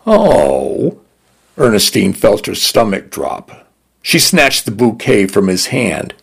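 Deep, gravelly, expressive narrator man. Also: measured pace. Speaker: radio story narrator. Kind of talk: scripted narration.

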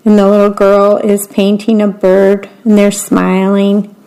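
A woman's voice: medium pitch, monotone, gravelly, warm tone, low-quality recording. A woman reading children's picture books aloud, patiently describing each picture as she goes. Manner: slow, plain and patient, pointing out the pictures. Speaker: story reader.

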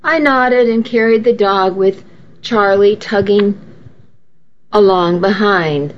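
A woman narrating a first-person story as an audiobook reading, slow and measured. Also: mid-range voice. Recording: dull, faintly noisy recording.

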